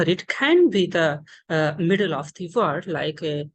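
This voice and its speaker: A woman with an Indian English accent walks learners through pronunciation, stopping often to restart and repeating example words. Her voice sits low and her pace is slow. A faint hiss runs under the recording. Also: rough recording. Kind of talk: informal spoken lesson.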